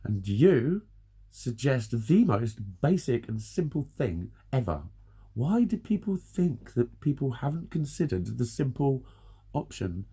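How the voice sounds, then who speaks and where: Gravelly husky guy in his 40s, swears a lot, blunt and urgent, ranting to the camera. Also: mid-range voice, expressive, a little slow, mellow. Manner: earnest, urgent advice-giving. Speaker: vlogger.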